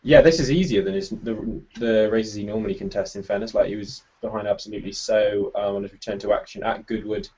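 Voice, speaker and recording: A man giving his views as a pundit in a casual chat, hesitant and halting. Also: on the low side, steady tone, dark tone, husky. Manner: hesitant, full of ums and restarts. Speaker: panel pundit. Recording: muffled lo-fi recording.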